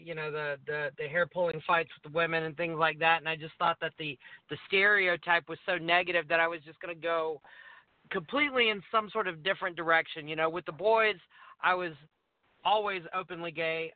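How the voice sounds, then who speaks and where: A man with a high voice tells a lively story as a guest on a talk show, laughing often and acting out what people said. He comes through a tinny phone line. The sound is dry. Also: no echo. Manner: animated storyteller, acts out dialogue, laughs often. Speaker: wrestler guest. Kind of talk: casual phone interview storytelling.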